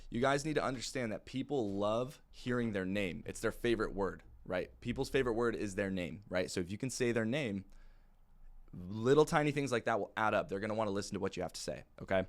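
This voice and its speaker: A man teaching new sales agents how to work a phone script, in a chill, fairly monotone way, often checking in with "right?" and "okay?". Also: fairly quick. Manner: calm, low-key delivery with frequent "right?" and "okay?". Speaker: sales trainer. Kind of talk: training talk on a phone script.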